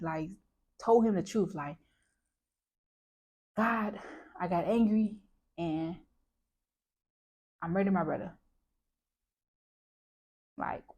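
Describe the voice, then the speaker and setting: A woman vlogger chatting casually about a Bible passage, reflective and talkative, with lots of filler words. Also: lowish voice. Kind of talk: casual chat about scripture.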